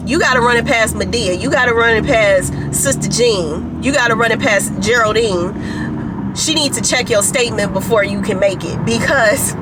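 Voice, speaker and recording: A woman's voice: on the high side, very noisy. A woman vlogging casually to a camera on a tripod, chatty and laughing often as she tells stories.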